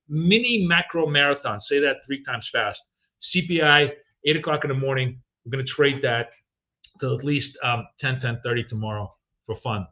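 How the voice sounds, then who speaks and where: A man's voice: medium pitch, pushed and bright, highs cut off. A middle-aged man hosting a live trading stream, chatting casually and rambling with many ums and restarts.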